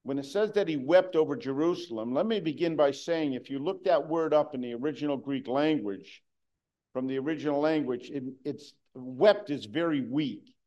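A man preaching a sermon, earnest, moving between hushed and emphatic delivery. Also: fairly high pitch, moderate pace, dull audio.

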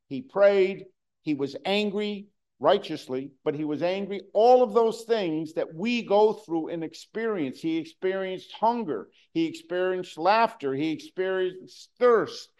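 A man preaching a sermon, earnest, moving between hushed and emphatic delivery. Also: high-pitched.

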